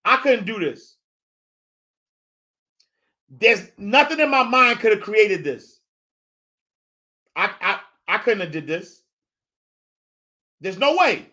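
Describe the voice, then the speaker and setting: Man, host, high voice, sharp bright tone, motivational faith talk, repetitive preacher build-ups, street slang. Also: expressive, slow, long pauses. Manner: street slang, addresses audience as y'all.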